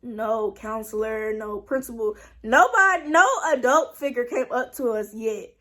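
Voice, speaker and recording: A young woman tells a casual storytime, animated and acting out quoted lines in her own voice. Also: fairly high pitch, measured pace. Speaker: vlogger.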